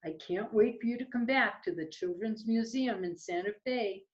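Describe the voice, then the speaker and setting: A woman reading a picture book aloud to children, gentle and expressive. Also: mid-range voice, normal speed. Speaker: children's storyteller. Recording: slightly muffled lo-fi recording.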